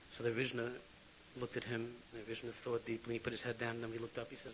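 Fast, bright-voiced man preaching. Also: medium pitch. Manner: animated, swinging from loud to hushed. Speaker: religious speaker. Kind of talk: sermon with dramatic storytelling. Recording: lo-fi with faint hiss.

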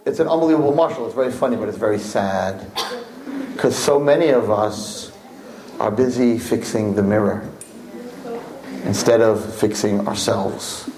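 Animated man telling a parable. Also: lowish voice. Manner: animated storyteller, keeps asking "right?". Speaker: rabbi teaching students. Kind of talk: Torah lesson with a parable.

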